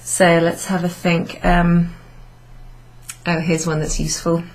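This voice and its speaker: Slow, patient woman teaching French basics. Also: fairly low pitch, little pitch movement, low-quality recording. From Wales. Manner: patient, step-by-step explaining with many ums and rhetorical questions. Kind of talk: classroom summary lesson.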